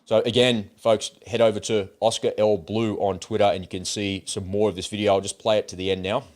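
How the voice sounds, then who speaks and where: A man's voice: on the low side, flat delivery, fairly quick, darkish tone. A man hosting a casual talk show, retelling a video he watched in a conversational, storytelling way. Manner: storytelling, relaying a video at length. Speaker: host.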